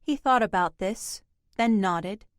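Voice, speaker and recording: A woman narrates a scripted audiobook in a slow, measured, mid-range voice. It's studio-quality audio without echo.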